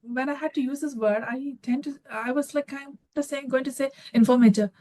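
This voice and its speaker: A woman's voice: sits high, fairly even intonation, a little fast, a little mellow. A middle-aged woman from India with an Indian English accent, encouraging and hesitant, full of fillers and restarts. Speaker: guest conversation partner. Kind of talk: casual conversation.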